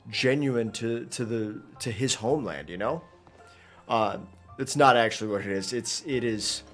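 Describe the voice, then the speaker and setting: A male streamer chatting loosely over his gameplay, mid-pitched and easygoing, trailing off and restarting his sentences. Quiet game music plays faintly underneath him. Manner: rambling, chatty, with many fillers and restarts. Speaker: gaming streamer. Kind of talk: casual live gameplay commentary.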